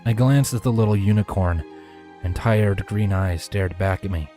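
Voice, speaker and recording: A man reads a fanfiction story aloud in a very low voice, with measured first-person narration. He drops to a hush for his character's lines. Faint music plays beneath him. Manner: measured first-person narration, dropping to hushed whispers for dialogue. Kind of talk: fanfiction audiobook reading.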